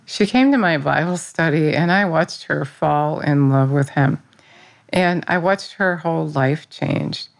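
A woman's voice: deep voice, unhurried, creaky. A middle-aged woman who teaches Bible study, sharing a personal faith testimony in an earnest, rambling way. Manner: earnest, rambling, with restarts and fillers.

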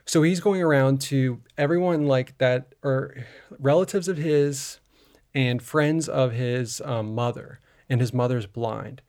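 A man's voice: medium pitch, a little slow, darkish tone. A man co-hosting a film podcast, recapping a movie in a rambling, casual way with lots of fillers and restarts. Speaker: podcast co-host.

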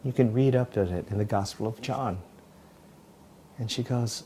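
Male preacher, warm and mellow, dramatic storyteller in a sermon. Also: mid-range voice, moderate pace, long pauses, slight background noise. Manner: storytelling, dramatic retelling with many restarts. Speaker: pastor.

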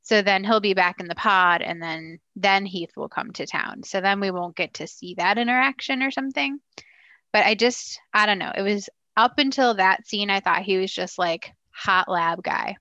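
A woman co-hosting a podcast, chatting casually about a TV show and slipping into quick voices when she quotes people. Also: medium pitch, bright, forceful tone, no echo, muffled recording. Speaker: podcast co-host.

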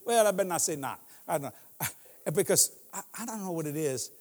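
A man's voice: high voice, lively intonation, fairly quick, big-room sound. A man in his sixties preaching as a guest in a church, telling humorous stories and laughing often. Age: 60s. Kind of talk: sermon.

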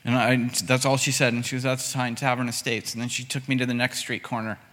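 A man's voice: medium pitch, fast talker. A man preaching a sermon in a conversational, storytelling way, voicing the people in his stories. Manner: conversational storytelling with lively voiced quotes. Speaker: pastor. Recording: long hall reverb.

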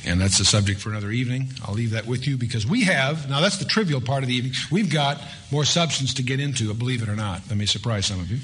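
A man's voice: medium pitch, fast, hardly any pauses, a bit bright, a little hiss or hum. A man leading an evening Bible study in a conversational way, reading scripture aloud with rising emphasis. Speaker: Bible teacher.

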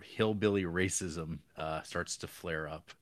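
A man co-hosting a podcast, chiming in with relaxed comments and easy laughs. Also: deep voice, unhurried, no echo, studio quality. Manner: relaxed, laughs easily, chimes in. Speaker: podcast co-host. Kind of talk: casual chat.

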